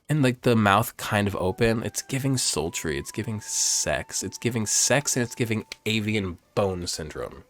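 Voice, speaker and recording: A man's voice: on the low side, expressive, moderate pace, hardly any pauses. A man giving campy, chatty let's play commentary while playing a game, joking and swearing freely. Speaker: gamer, host.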